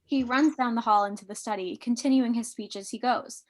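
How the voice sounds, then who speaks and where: A woman briskly reading stage directions in a live script reading, lightly amused. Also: on the high side.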